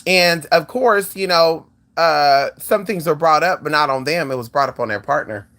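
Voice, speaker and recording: Sassy, animated vlogger calling viewers "girl". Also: moderate pace. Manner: sassy and animated, swinging pitch often; peppers speech with "girl" and "honey". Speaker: channel host. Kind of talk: casual talk to viewers.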